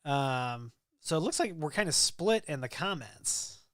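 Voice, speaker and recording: A man hosts a casual tech livestream, joking with viewers and reading their comments aloud. His voice is smooth and a little raised, and it is recorded close on a dry mic. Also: a little high, animated, measured pace, fairly bright tone, no room sound. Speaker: livestream host.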